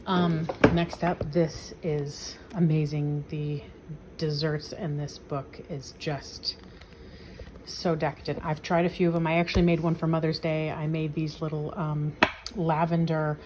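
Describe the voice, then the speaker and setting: Low-voiced enthusiastic woman vlogger. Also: level tone, a little slow, darkish tone, slight background noise, rough recording. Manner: enthusiastic, rambling, many fillers. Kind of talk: casual show-and-tell vlog.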